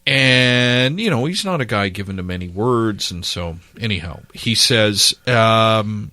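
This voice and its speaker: A middle-aged Canadian man telling animated anecdotes casually as a podcast guest, acting out dialogue. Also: lowish voice, a little slow, few pauses, no room sound. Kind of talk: casual storytelling.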